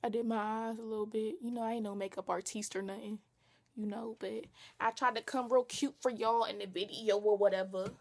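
A young woman talks straight into her camera in a loose, slangy vlog style. Her voice sits a little high, and she teases herself as she chats along. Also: steady tone, fairly quick, a little mellow. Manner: playful, chatty, slangy and self-teasing. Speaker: vlogger. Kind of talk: casual vlog chat to camera.

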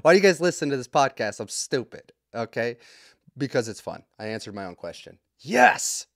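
A man's voice: mid-range voice, big pitch swings, normal speed, gravelly, dry recording, studio quality. A man in his thirties hosting a podcast, telling stories in a loose, profane, self-mocking chat. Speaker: podcast host. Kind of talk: casual solo podcast monologue.

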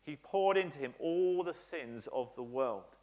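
A man's voice: fairly high pitch, expressive, a little slow, a little mellow. A man preaching a sermon in a church, earnest and emphatic, building his points by repetition with frequent "uh" fillers. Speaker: pastor.

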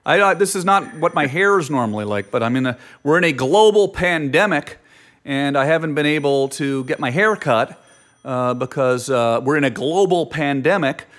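A man's voice: on the high side, animated, normal speed, a bit bright. A man in his forties hosting a call-in show, chatting casually and teasing the caller. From Canada. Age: 40s. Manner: playful, teasing, goofy. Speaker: host taking calls. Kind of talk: casual call-in chat, joking.

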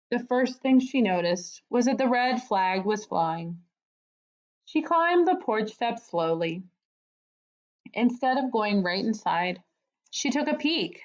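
Slow, measured woman reading a storybook. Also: medium pitch. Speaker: narrator. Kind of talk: storybook read-aloud.

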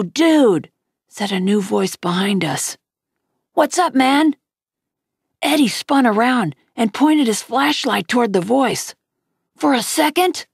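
Slow, husky-voiced woman reading aloud. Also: a little high, no room sound, studio quality. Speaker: audiobook reader.

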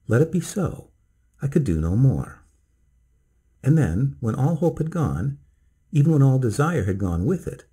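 Husky, mellow male storyteller. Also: medium pitch. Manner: slow, measured, dramatic first-person telling. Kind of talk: scripted narration of a bedtime story.

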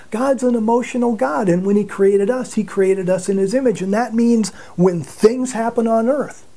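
A man delivers a Bible teaching as a relaxed, conversational sermon. His tone is warm and mellow. He tells everyday stories, chuckles often, and doubles words as he restarts his thoughts. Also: sits high. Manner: conversational storytelling with frequent chuckles; repeats words when restarting phrases.

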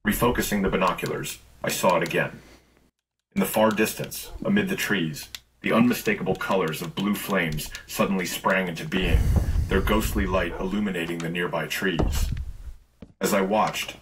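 A man reading a first-person horror story in measured, tense storytelling. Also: sits low, a bit bright, a little hiss or hum, poor audio.

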